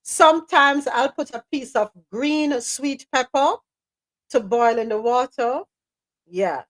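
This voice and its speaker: A woman, co-hosting a relaxed live chat show and dropping patois phrases. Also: high voice, slow pace, poor audio. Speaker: co-host. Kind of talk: casual chat on a live stream.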